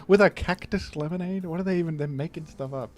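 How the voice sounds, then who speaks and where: A man's voice: on the high side, quick pace, soft background music. A young man, casually joking and rambling through a live game stream. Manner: joking, rambling, exclaims loudly when surprised.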